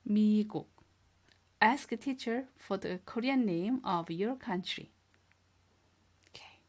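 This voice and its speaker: A woman teaching a beginner language lesson, speaking slowly and clearly, repeating each word and praising the learners. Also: medium pitch, a little mellow. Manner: patient, drills words twice and praises learners. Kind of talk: slow, clear classroom instruction.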